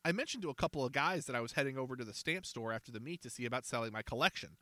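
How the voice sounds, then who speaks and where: An indignant teenage boy accuses his rival in a bright, lively voice, as a man reading aloud puts him on. It sits dry and close. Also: medium pitch, rapid-fire, no echo. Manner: accusing, yelling. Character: indignant teenage boy runner, quick-tempered.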